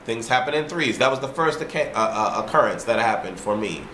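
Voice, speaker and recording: A man rants to his camera in a loose, animated monologue, cursing freely and circling back on his points. His voice sits at an ordinary pitch for a man. The recording has a roomy echo and a faint hum behind it. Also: a little fast. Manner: animated storyteller who swears freely and repeats himself. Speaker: vlogger. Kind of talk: casual ranting monologue.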